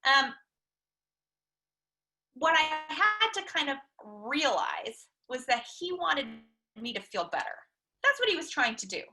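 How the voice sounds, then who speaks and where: A woman counselor giving a conversational online lecture with shared slides, using personal examples and frequent "um" pauses. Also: sits high, big pitch swings, pushed and bright, rough recording. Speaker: counselor presenting a talk.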